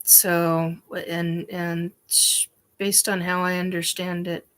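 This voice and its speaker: A woman's voice: lowish voice, level tone, slow, a bit bright, clean tone. A woman hosting a show, telling a personal story in a rambling, emphatic way with many ums and restarts. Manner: emphatic, swears casually. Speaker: host.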